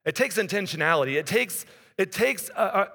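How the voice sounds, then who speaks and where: A man's voice: high voice, expressive, fairly quick, bright, forceful tone. A man in his forties preaching a conversational sermon in a church. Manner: conversational preaching, rises and drops in intensity. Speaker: pastor. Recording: long hall reverb.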